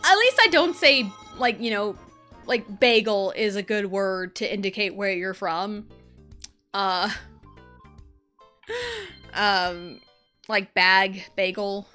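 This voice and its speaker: A woman's voice: mid-range voice, big pitch swings, slow, long pauses, sharp tone. A young woman from Kansas with a Midwestern accent, chatting casually and giggling while she streams a game. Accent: Midwestern American. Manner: giggly, chatty, frequent laughs. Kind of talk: casual live-stream chat while gaming. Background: faint game music.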